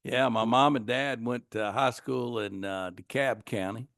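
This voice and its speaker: A man's voice: medium pitch, steady tone, unhurried, gravelly, fairly bright tone, no room sound, clean studio sound. A man with a Southern US accent, a podcast guest chatting casually in an easygoing way. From Atlanta area, US South. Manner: easygoing, laughs at his own jokes. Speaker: guest, mortgage broker. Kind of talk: casual chat.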